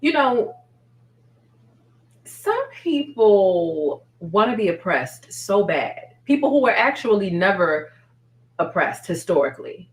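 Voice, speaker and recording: A woman's voice: medium pitch, sing-song, slow pace, echoey room, recorded from a distance, low-quality recording. A woman hosting a live stream, chatting casually and talking straight to her viewers in a slangy, familiar way.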